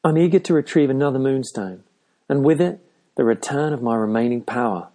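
A man's voice: mid-range voice, fairly quick, mellow, voice pushed up, close to an everyday voice. A man playing a proud, curt young royal woman. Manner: hasty, clipped.

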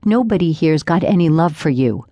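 A woman's voice: deep voice, expressive, moderate pace, dark tone, no echo, muffled recording. A woman voicing a blunt, coarse older mother who scolds and grumbles in crude phrasing. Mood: disgusted.

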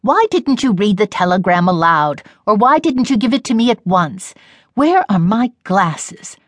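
Snobbish, impatient middle-aged mother, read by a woman narrator, brisk and haughty. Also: medium pitch, animated, dry recording, studio quality, natural voice.

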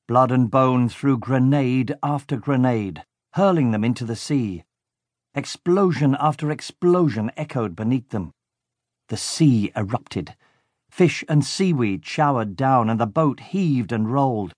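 A man narrating a children's audiobook in a lively, expressive way. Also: mid-range voice, unhurried, dry recording, studio quality.

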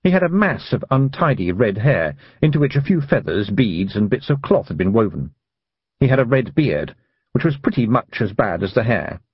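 A male narrator reads a children's fantasy story with a husky, breathy tone and a pitch that swoops up and down. The sound is dry and close, with a slightly dull, muffled quality. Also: moderate pace, no room sound. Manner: lively, expressive reading. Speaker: audiobook narrator.

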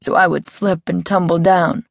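A woman's voice: lowish voice, steady tone, moderate pace, creaky, dry recording, studio quality. A woman voicing a self-pitying, histrionic woman who whimpers and sounds aggrieved, in an audiobook. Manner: aggrieved, histrionic, soft distressed tone.

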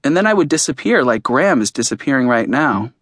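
A man's voice: mid-range voice, very animated, quick pace, fairly bright tone, no echo, studio quality. A man narrating an audiobook in the first person, in a plain, earnest storytelling manner.

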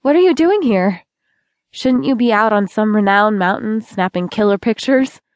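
A woman reading an audiobook voices a flustered young woman who speaks in a nervous, clipped way, lifting her voice higher than her narration. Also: expressive, normal speed, no echo, studio quality, lightly acted. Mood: guarded.

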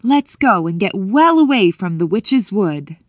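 A woman narrator reads as a cheerful young boy in a fairy tale. The voice stays light and close to her own, mid-pitched and dry. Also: big pitch swings, unhurried, no echo, dull audio. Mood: eager. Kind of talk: audiobook character voice.

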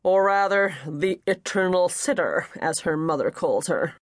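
A man voicing a gruff, blunt, wealthy older father with a growling voice. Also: sits high, a little slow, no echo, studio quality.

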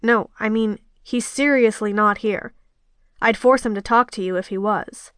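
A woman voicing a gruff, frustrated young man who speaks curtly and on edge. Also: medium pitch, normal speed, fairly bright tone, no room sound, clean studio sound, lightly acted. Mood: irritated. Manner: curt, irritated.

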